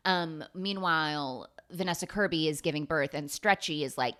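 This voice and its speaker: A woman in her twenties giving a rambling, sweary comedic movie recap full of lively asides. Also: sits low, normal speed. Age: 20s.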